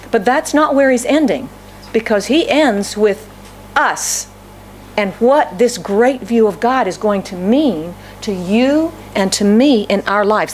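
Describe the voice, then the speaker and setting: A middle-aged woman pastor delivers a sermon in a voice pitched a little high. She questions her listeners and voices their complaints to God in quotes. A faint noise sits under the recording. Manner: preaching, asks the congregation questions.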